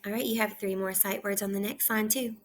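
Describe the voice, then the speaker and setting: A woman teaching kindergarten, reading aloud slowly and clearly in a repeat-after-me lesson from her kitchen at home. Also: mid-range voice, fairly even intonation, slight background noise. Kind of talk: slow read-aloud lesson for young children.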